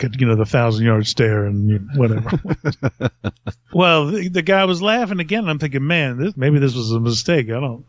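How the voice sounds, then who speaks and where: A man's voice: mid-range voice, dry recording, lo-fi sound. A man telling a long story in casual podcast chat, rambling and self-mocking, laughing often.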